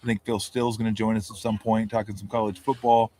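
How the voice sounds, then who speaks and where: A man's voice: fairly low pitch, level tone, fast talker, dark tone, a little hiss or hum. Laid-back, cussing man hosting a podcast. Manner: loose, profane storytelling, often laughing. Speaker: podcast host. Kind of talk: casual sports chat with friends. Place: vacation house with friends in Tahoe.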